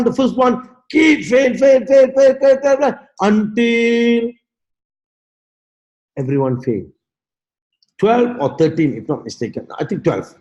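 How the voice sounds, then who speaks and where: High-pitched guy doing a motivational talk, repeats himself a lot for emphasis, roomy echo. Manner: dramatic swings from shouting to low murmurs; repetitive, emphatic phrasing. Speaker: motivational speaker.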